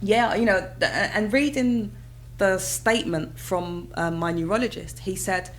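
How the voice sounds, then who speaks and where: A woman in her thirties, an interview guest telling her own story in a candid, conversational way, breaking into high excited exclamations as she recalls moments. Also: unhurried, poor audio. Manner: animated, bursts into high excited exclamations and laughter when retelling moments.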